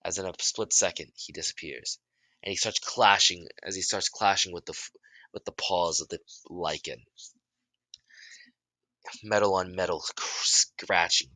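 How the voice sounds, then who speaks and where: A man improvising a fan story in halting narration, often restarting his sentences and shouting out the characters' lines. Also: deep voice, no room sound. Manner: halting, many restarts and self-corrections; bursts into loud shouts for dialogue.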